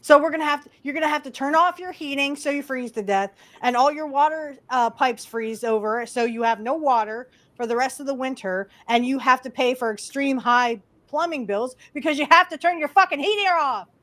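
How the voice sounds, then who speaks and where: A woman's voice: sits high, brisk, few pauses, fairly bright tone. A woman co-hosting a casual panel podcast, ranting angrily with heavy profanity. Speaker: podcast co-host.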